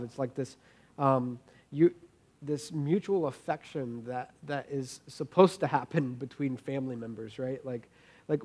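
A pastor in his thirties gives a conversational sermon in a medium-pitched, slightly mellow voice. He's earnest and informal, often repeating words as he thinks aloud.

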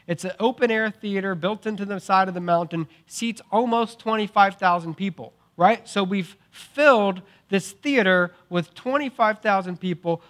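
A young adult man preaching a sermon, telling the story in a casual, animated way with filler words and acted-out quotes. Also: high voice. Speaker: pastor.

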